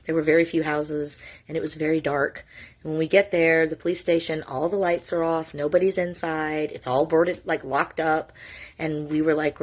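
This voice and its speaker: A woman's voice: low voice, level tone, moderate pace. A middle-aged woman, telling a personal story to camera in a candid, emotional, profane way. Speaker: mother telling her story.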